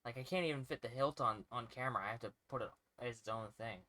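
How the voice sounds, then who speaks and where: A man giving joking, animated let's-play commentary while he plays a game. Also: medium pitch, fast. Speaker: streamer. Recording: game music underneath. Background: game music.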